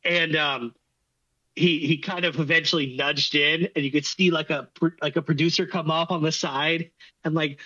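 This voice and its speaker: A man's voice: a little high, fairly even intonation, normal speed, pushed and bright, muffled recording. A man co-hosting a sports podcast, telling stories in a rambling, filler-heavy, self-deprecating way. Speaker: podcast co-host. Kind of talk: casual storytelling chat.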